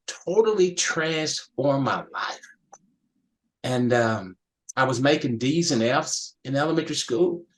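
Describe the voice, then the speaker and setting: An older man, a podcast guest, telling an emotional story from his youth with emphatic restarts. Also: a little high. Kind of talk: storytelling in an interview.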